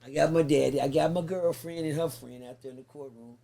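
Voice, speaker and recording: A man tells a long story in a sit-down interview. His voice sits fairly high with a gravelly crackle. He is animated and profane, and he acts out everyone he quotes. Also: a little fast. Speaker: guest.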